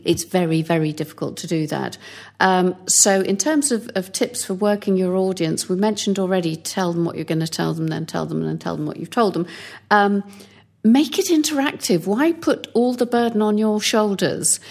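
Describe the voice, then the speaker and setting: A woman's voice: lowish voice, moderate pace, vocal fry, darkish tone. A woman coaching on presenting, giving tips in a practical, instructive way. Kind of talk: podcast chat giving advice.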